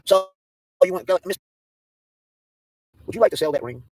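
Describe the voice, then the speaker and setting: A man's voice: high voice, animated, moderate pace, darkish tone, husky, no room sound. A man in a profane, taunting livestream rant, mocking and daring his targets.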